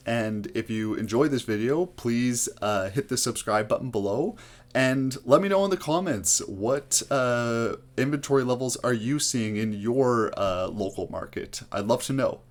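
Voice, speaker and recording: A man explaining housing market math step by step, talking to viewers with frequent "uh" fillers. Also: medium pitch. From Canada. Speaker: real estate agent explaining market math. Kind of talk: explainer video to camera.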